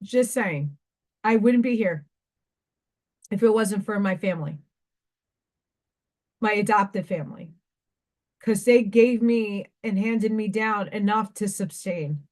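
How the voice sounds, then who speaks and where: A woman's voice: mid-range voice, takes it slowly, long pauses, darkish tone. A woman hosting a craft livestream, ranting in an emotional, repetitive way and sounding tearful. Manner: emotional, ranting, repeats herself. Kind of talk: casual live-stream monologue.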